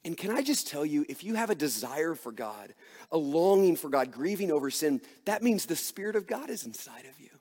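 A man's voice: on the high side, sing-song, brisk, darkish tone, breathy edge, in a large hall. A man preaching a sermon as pastor, earnest and emphatic, asking his listeners rhetorical questions.

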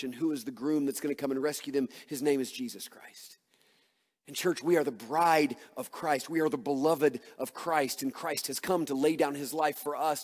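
A male pastor preaching a sermon, emphatic and full of rhetorical questions, swinging between hushed and loud delivery. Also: on the high side. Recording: long hall reverb.

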